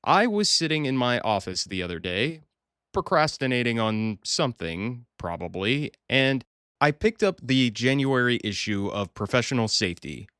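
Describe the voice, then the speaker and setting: A man's voice: medium pitch, animated, moderate pace, fairly bright tone, smooth, no echo, studio quality. A man hosting a podcast, delivering a scripted monologue with wry, sarcastic storytelling and punchy phrasing. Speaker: podcast host.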